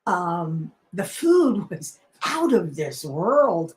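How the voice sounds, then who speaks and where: Casting: middle-aged woman, livestream host, unhurried, lively up-and-down pitch, rambling chat. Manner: chatty and rambling, many fillers and restarts, laughs often. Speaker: crafting channel host. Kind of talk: casual live-stream chat.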